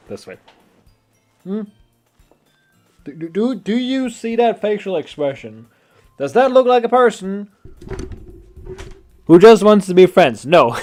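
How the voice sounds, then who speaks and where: A man talking through a visual novel as he plays, rambling and tripping over his own restarts. His voice sits a little high and swings lively up and down, with faint music underneath. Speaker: gamer. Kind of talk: gameplay commentary.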